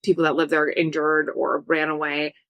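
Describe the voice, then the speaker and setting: A woman with an East Coast American accent, co-hosting a casual film review chat and retelling the plot with lively acted-out reactions. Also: brisk, dry recording. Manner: chatty, animated retelling, acts out reactions in a higher voice. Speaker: film review podcast host.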